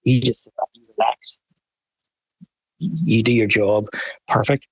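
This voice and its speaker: Northern Irish photographer, husky gravel voice, rambling and animated. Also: male voice, medium pitch, a little slow, no room sound, low-quality recording. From Northern Ireland. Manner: rambling, animated storytelling with frequent restarts. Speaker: photographer guest. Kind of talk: casual interview chat.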